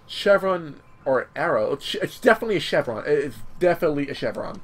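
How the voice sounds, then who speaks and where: A man's voice: a little high, lively intonation, quick pace. A young man hosting a gaming channel, chatting casually over gameplay, rambling with many restarts and casual swearing. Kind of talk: let's-play commentary.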